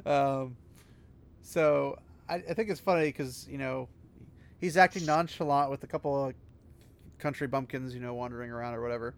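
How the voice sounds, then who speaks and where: Man co-host, mid-pitched, reads a book aloud and chats about it, laughs easily. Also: moderate pace, pauses often. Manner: giggly, animated chatter. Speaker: podcast co-host reading a novel aloud. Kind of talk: reading aloud and casual chat.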